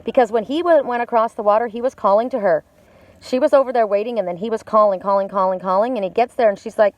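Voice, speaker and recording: A woman's voice: mid-range voice, fast, dry recording. A woman doing a live oracle card reading outdoors by a lake, chatty and blunt, swearing casually.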